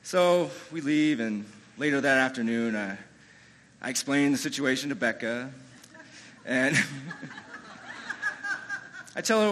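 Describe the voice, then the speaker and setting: A man's voice: mid-range voice, expressive, measured pace, long pauses, fairly bright tone, a little hiss or hum, rough recording. A man telling a true-feeling personal story live on a ballroom stage, in a conversational way with lots of "you know" and "like". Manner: amused, chuckles through the telling.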